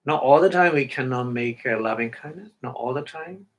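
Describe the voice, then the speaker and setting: A man whose first language is Burmese, giving a meditation dharma talk in halting English, with many fillers and repeated words, chanting Pali passages now and then. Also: medium pitch. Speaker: meditation teacher.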